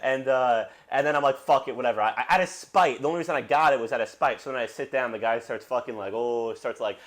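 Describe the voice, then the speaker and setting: Fast-talking, profane young man. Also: medium pitch, fairly bright tone. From Brooklyn. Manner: rambling, profane storytelling. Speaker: podcast host. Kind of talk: casual podcast chat.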